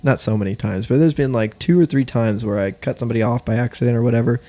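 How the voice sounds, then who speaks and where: A young man co-hosting a podcast in casual chat, animated and prone to high-pitched outbursts. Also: fast. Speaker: podcast co-host.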